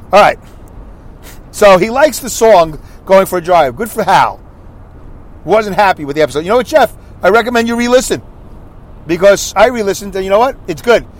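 A high-pitched man hosts his own podcast, reading listener comments aloud in an animated, rambling way and adding mocking asides.

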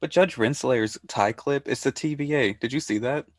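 A man's voice: mid-range voice, moderate pace, no room sound, studio quality. A man co-hosting a podcast, chatting loosely and jokingly and swearing freely. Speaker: podcast co-host. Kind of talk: casual chat.

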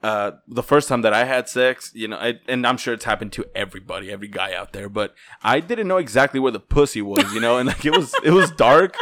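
A man in his twenties co-hosting a podcast in relaxed, chatty talk, laughing often. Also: mid-range voice, fast, hardly any pauses, no room sound. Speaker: podcast co-host. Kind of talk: casual chat.

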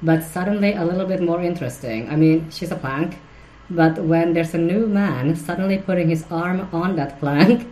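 Giggly low-voiced woman rambling about gossip. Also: normal speed, warm tone, slight background noise, poor audio. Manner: crude, giggly, rambling with many fillers and restarts. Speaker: podcast host. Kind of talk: rambling solo commentary on celebrity gossip.

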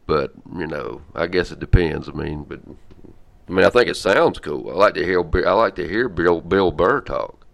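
A man hosting a podcast, chatting casually in a rambling, halting way with lots of fillers. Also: low-pitched, creaky, a bit bright. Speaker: podcast host. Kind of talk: casual chat.

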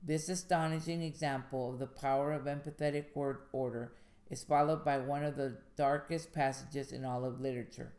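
A woman hosting a podcast on writing craft, reading aloud from a guide in a measured way and then talking it over loosely, with fillers and restarts. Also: rumbling low, fairly even intonation, a little mellow. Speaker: podcast host and indie author.

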